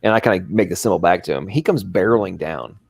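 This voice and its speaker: This man speaks fast in a low register, his voice creaky and slightly rough. Raised in England but carrying an American accent, he hosts a live stream and wanders through a casual story, frequently tacking "right?" onto his sentences.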